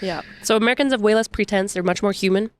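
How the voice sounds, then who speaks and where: A young adult woman from Canada, a political pundit chatting casually as a podcast guest and telling animated stories full of mimicked quotes. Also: mid-range voice, quick pace, clear, resonant tone.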